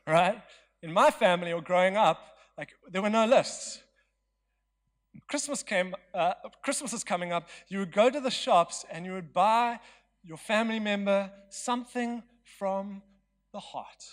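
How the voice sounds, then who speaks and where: High-voiced preacher in a hall. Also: male voice, a little slow. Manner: chatty, joking, self-mocking. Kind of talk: storytelling sermon. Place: church hall. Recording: long hall reverb.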